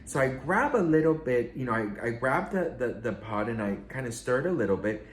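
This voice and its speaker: A man telling a storytime in a sassy, dramatic way, swearing and swinging his pitch up and down. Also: lively intonation, brisk, roomy sound. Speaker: storytime vlogger. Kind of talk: casual storytime monologue.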